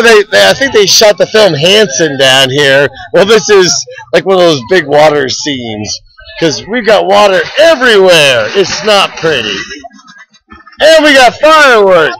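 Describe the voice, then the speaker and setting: Excitable high-voiced man filming outdoors. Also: low-quality recording. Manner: exclaiming, laughing, repeating himself. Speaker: street vlogger filming live. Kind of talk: excited live street commentary. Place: outdoors on a flooded beach boardwalk. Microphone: laptop built-in microphone, handheld.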